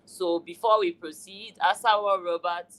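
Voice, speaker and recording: A Nigerian woman from the south hosting an online community meeting, speaking in a measured way with many pauses and fillers. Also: on the low side, steady tone, fairly bright tone, low-quality recording. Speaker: meeting host.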